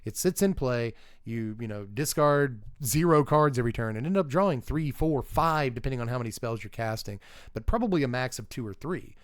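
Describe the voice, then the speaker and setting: A man's voice: medium pitch, expressive, brisk, dry recording, studio quality. A man doing a casual live-stream review of game cards, chatting and thinking aloud with rambling asides and restarts.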